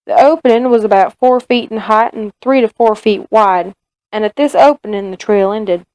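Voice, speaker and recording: A woman reading aloud as a male frontier soldier telling his own story, in a Southern US accent with steady, measured narration. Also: medium pitch, dry recording, muffled recording, close to an everyday voice. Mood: grave.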